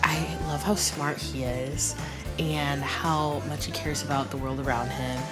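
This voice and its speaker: A young woman telling, for a wedding film, how she met her partner; she is animated, laughs often and acts out the lines she quotes. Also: sits low, unhurried, over loud music. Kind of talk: casual storytelling to camera.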